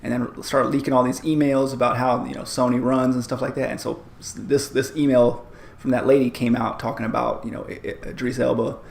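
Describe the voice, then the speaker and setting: A man's voice: medium pitch, flat delivery, brisk, creaky, echoey room. A man co-hosting a podcast in casual chat, rambling with many restarts and fillers. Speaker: podcast co-host.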